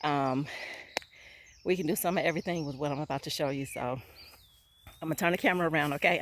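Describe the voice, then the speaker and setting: In a low, fairly bright voice at a moderate pace, a woman pauses often while vlogging to her handheld phone on a rural hillside farm. She's an enthusiastic, chatty homestead vlogger who keeps using "y'all," and there's a little hiss or hum.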